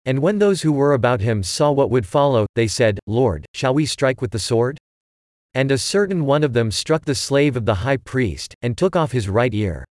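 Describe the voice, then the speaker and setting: A man reading scripture aloud in steady, measured, unhurried phrases. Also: medium pitch, dry recording, clean studio sound. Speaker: scripture reader.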